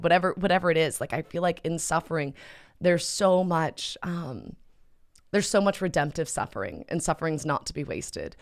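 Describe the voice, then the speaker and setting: Low-voiced woman, gentle and chatty. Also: lively intonation, moderate pace. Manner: gentle, conversational, many fillers and restarts. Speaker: host answering viewer questions; mother. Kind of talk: casual spoken Q&A.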